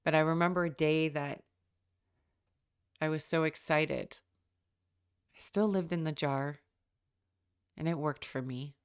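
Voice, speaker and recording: A woman's voice: low-pitched, fairly even intonation, a little slow, pauses often, clean tone. A middle-aged woman hosting a podcast, telling a personal story in a reflective, wry way and acting out the people she quotes. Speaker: podcast host.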